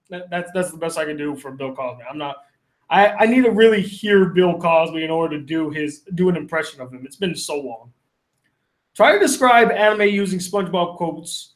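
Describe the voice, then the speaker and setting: A man's voice: a little high, lively intonation, normal speed. A man hosting a casual live chat, rambling through viewer questions, cursing freely and often interrupting himself. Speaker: livestream host answering chat questions. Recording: echoey room.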